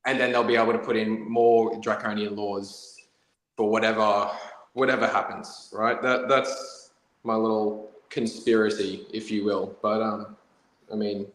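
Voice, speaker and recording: A low-voiced man on a casual podcast, thinking his ideas through out loud. He sounds like he is in an echoey room. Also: little pitch movement, unhurried. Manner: musing, thinking aloud. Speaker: podcast co-host. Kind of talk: casual political chat.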